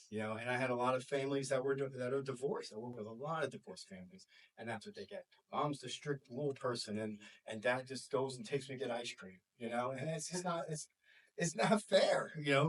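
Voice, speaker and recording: A man in his forties from New York with a New York accent, a school counselor talking to a small group and acting out quoted voices. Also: mid-range voice. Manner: animated, acts out quoted voices. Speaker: school counselor and life coach. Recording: voice from far off the mic.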